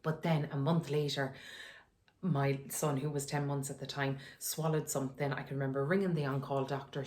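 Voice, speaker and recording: A woman's voice: rumbling low, steady tone, normal speed, a little mellow. A woman in her sitting room at home, giving frank, conversational advice and laughing often as she talks. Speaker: wellness vlogger. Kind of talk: candid personal advice talk.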